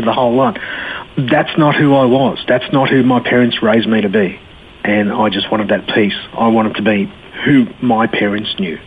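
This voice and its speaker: A middle-aged man telling his life story to an interviewer, blunt and animated, acting out the people he quotes. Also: medium pitch, breathy edge. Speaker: guest. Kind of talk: personal testimony in an interview. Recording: tinny phone-line sound.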